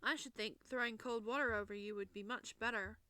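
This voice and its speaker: A woman's voice: fairly high pitch, fairly even intonation, fairly quick, sharp tone, clean tone, no echo. A woman voicing a polite, curious young girl in a storybook reading, asking tentative questions.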